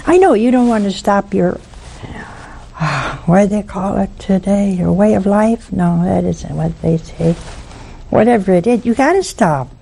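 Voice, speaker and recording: A woman's voice: mid-range voice, a little slow, vocal fry, warm tone, slightly rough. A woman speaking on a religious broadcast, telling a story in an earnest, emphatic way and repeating lines for effect. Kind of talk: preachy storytelling talk.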